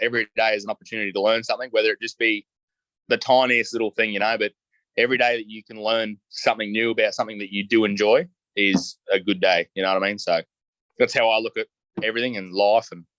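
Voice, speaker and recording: A man's voice: lowish voice, fairly even intonation, quick pace, fairly bright tone, dry recording, highs cut off. A man with an Australian accent, a podcast guest telling stories in a laid-back, joking way with lots of casual fillers. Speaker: podcast guest, truck driver. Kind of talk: casual storytelling chat.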